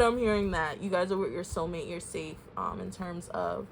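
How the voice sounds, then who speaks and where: A woman's voice: lowish voice, lively intonation, normal speed, creaky, hardly any pauses, a little hiss or hum. A woman giving a casual tarot reading, talking openly and emotionally to her viewers with many fillers. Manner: candid, emotional, chatty with fillers. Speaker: tarot reader.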